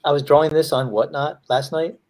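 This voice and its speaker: A comic artist hosting a casual chat with friends tells rambling anecdotes and acts out the quotes. His voice sits fairly high, with a steady, darkish tone and a brisk pace.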